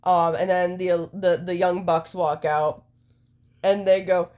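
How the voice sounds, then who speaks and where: A young adult woman co-hosting a podcast, recapping a show in casual chat with profane, animated storytelling. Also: fairly low pitch, slow pace. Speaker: podcast co-host.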